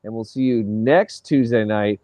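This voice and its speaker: A man's voice: lowish voice, unhurried, warm tone, no echo. A man hosting a weekly call, speaking in a friendly, casual way with lots of "you know". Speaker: host. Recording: dull dry call audio.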